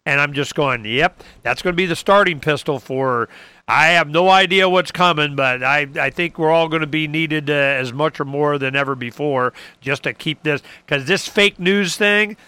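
A man hosting a casual political talk show, rambling and sarcastic with animated asides. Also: on the high side, moderate pace, clear, resonant tone, dry recording. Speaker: host.

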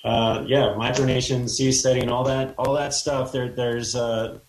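A man speaking as a guest on a talk radio show, halting and hesitant, often starting over mid-sentence. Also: mid-range voice, little pitch movement, darkish tone, echoey room, poor audio. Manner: halting, hesitant, many restarts. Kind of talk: casual talk radio conversation.

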